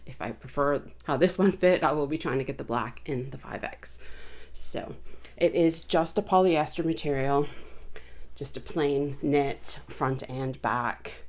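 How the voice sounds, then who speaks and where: Low-voiced chatty woman reviewing purchases. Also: measured pace. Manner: chatty, rambling, frequent fillers and restarts. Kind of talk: casual haul review.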